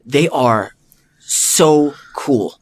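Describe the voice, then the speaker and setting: A man in the middle of pitch, hosting a podcast and telling a personal story. He talks casually and with a lot of animation, and keeps slipping into lines of his own inner thoughts. He leans on fillers like "like" and "you know". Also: animated, extremely slow. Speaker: podcast host.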